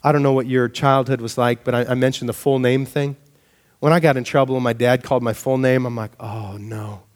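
A man preaching a sermon in a conversational, animated way, often asking the congregation rhetorical questions. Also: mid-range voice, quick pace. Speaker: pastor.

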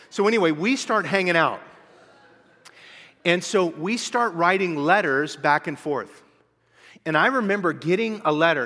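An animated preacher in his forties, a man with a high, bright voice that rings through a long-reverb church hall. He tells stories and acts out quotes with lively energy. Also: a little fast. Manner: animated storytelling with acted-out quotes. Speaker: pastor. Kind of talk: sermon.

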